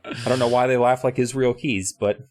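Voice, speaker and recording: A man's voice: medium pitch, steady tone, fairly quick, darkish tone, slight background noise. A man co-hosting a podcast in casual chat, recapping a book in a sarcastic, profane, rambling way. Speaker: podcast co-host.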